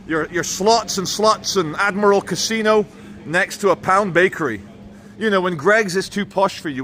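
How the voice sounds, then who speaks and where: A man's voice: high voice, a bit bright, slight background noise. A man hosting a walking tour of a city, outdoors, with sarcastic, crude jokes. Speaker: vlogger host. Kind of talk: casual walking tour commentary.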